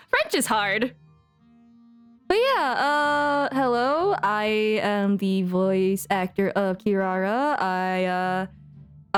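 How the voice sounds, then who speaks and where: A young woman who streams and does voice acting chats casually during live gameplay, giggling, getting flustered, and rambling. Her voice is high and the recording is dry.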